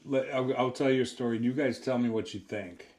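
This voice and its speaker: A man's voice: mid-range voice, fairly even intonation, a little fast, darkish tone. A man co-hosting a casual chat, telling anecdotes in a laid-back, easygoing way. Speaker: co-host.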